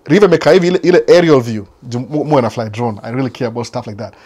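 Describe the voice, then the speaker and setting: A Kenyan man with a Kenyan accent talks quickly in a relaxed host chat with viewers, sliding back and forth between Swahili and English. He repeats his phrases for emphasis and acts out other people's voices. His voice sits at an ordinary pitch for a man. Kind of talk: casual live chat answering viewers. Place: United States.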